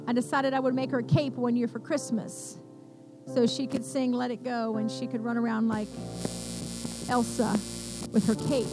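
High-voiced grandmother preaching over piano. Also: little pitch movement, moderate pace. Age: older. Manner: impassioned, storytelling with acted quotes. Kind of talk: sermon. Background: piano music.

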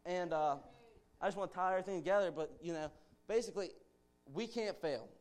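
A man's voice: high voice, fairly quick. A young man giving an informal, earnest church sermon as a guest speaker, urging his listeners on with conversational asides.

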